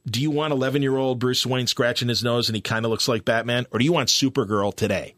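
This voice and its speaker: A man's voice: mid-range voice, steady tone, fast talker, fairly bright tone, no room sound, studio quality. A man hosting a podcast in casual chat, enthusiastic and full of restarts. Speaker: podcast host.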